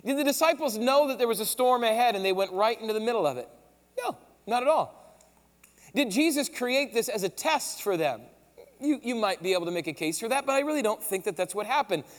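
A high-voiced pastor gives a brisk sermon, recounting the story in a loose, lively style packed with slang. His words trail off into the long reverb of a big hall.

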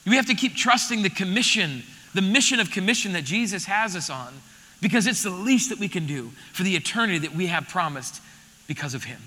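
A man in his thirties preaching an animated, joking sermon to a congregation in a church auditorium. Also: high voice, brisk, long reverb tail. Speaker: pastor.

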